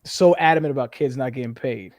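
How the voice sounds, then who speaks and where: A former football player from New Mexico, US, in his thirties, chats casually as an interview guest, telling stories in a frank, animated way and swearing freely. His middle-pitched voice moves fairly quickly and is recorded dry and close to the mic, with no echo.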